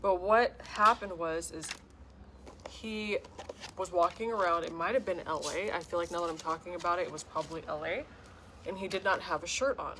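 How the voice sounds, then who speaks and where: Earnest low-voiced woman tarot reader. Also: fairly even intonation, moderate pace, bright, forceful tone, slight background noise. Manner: earnest, heartfelt, rambling. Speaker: tarot reader and self-described healer. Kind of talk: casual spiritual tarot reading to camera.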